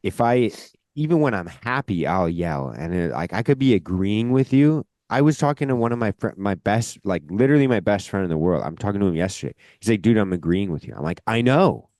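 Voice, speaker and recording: A deep-voiced man hosts a relaxed podcast, wandering through his thoughts with plenty of filler words. He talks with a loud, forceful edge that can come off as yelling. The sound is dry and close. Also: a little fast, no room sound. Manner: rambling, heavy on filler words. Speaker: podcast host. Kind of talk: casual podcast conversation.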